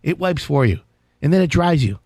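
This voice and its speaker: Excitable man hosting a live show. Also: fairly high pitch, normal speed, no room sound. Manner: excitable, jokey, rambling. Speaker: radio show host. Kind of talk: casual live call-in show chat.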